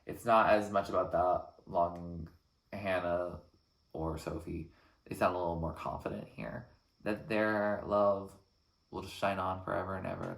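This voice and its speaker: A man reacting to an album track by track, talking in an earnest, thoughtful way with frequent pauses between phrases. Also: low-pitched, creaky, roomy sound. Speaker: music reaction channel host. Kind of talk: reflective album reaction commentary.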